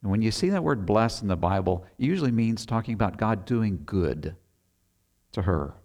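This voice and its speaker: A middle-aged man delivers a sermon in a fairly low voice. He reads scripture slowly and deliberately, then talks it through in an earnest, conversational way, with rhetorical asides to his listeners. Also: expressive, a little mellow. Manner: slow, deliberate scripture reading. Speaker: preacher.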